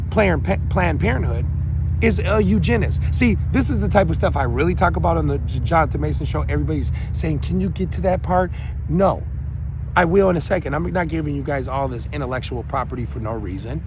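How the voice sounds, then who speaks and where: A man in his thirties rants as host of his own show, preachy and heated, doubling back on his own words. His voice is gravelly and sits a bit high for a man. Faint street and traffic noise runs under the recording. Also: animated, fairly quick. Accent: Minnesota. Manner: heated, preachy, rambling with restarts. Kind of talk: impassioned solo monologue.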